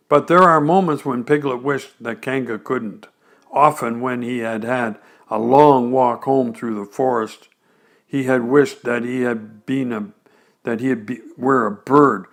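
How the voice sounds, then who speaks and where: Man reading bedtime story, real slow, gravelly low rumble. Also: steady tone.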